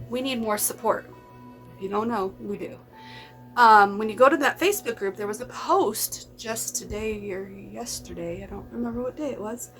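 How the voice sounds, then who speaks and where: A woman's voice: fairly high pitch, a bit bright, rough recording. A woman vlogging in casual chat to camera, rambling and repeating herself.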